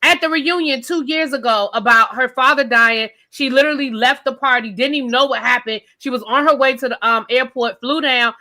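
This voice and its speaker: A woman's voice: high-pitched, a little fast, few pauses, bright, forceful tone. A woman panelist giving blunt, emphatic opinions with slang in a casual chat.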